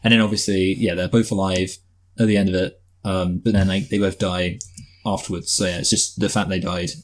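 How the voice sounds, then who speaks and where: A man's voice: deep voice, flat delivery, fairly quick, a little hiss or hum. A man co-hosting a podcast movie review, talking in a rambling, jokey way that trails off and restarts. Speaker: podcast co-host. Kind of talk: casual chat.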